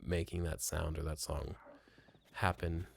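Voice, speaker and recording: A man's voice: rumbling low, fairly even intonation, a little slow, creaky, slightly rough, dry recording, clean studio sound. A man giving casual gameplay commentary at a home desk mic, rambling and profane, mocking himself and jumping between mutters and exclamations. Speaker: let's play streamer.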